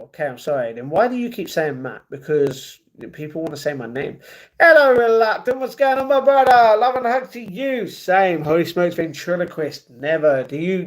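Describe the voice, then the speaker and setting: Man chatting on a livestream, slightly high voice. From United Kingdom. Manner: reads viewer comments aloud and answers them, often apologetic. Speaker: livestream host. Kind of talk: casual livestream chat. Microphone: wireless earbuds.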